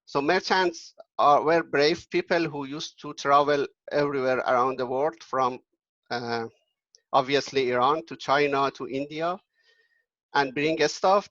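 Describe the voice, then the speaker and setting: A man telling a traditional story casually, halting with frequent restarts. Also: mid-range voice, a bit bright, dry recording, muffled recording. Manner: halting, with many restarts and fillers.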